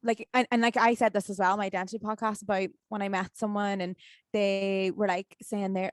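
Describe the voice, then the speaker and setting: A woman's voice: mid-range voice, steady tone, a little fast, no room sound. A woman, hosting a podcast and encouraging her guest in casual chat. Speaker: podcast host.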